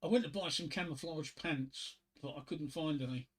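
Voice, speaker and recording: A middle-aged man with a fairly high voice talks at a normal speed during a casual live stream. Sitting at his home desk mic, he drifts between subjects and reads out cheesy one-liners.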